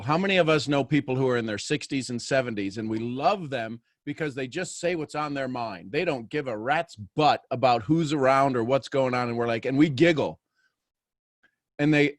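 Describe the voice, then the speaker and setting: A man's voice: mid-range voice, no echo, studio quality. A man hosting a motivational coaching talk, speaking earnestly and encouragingly to his guest. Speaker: life coach host.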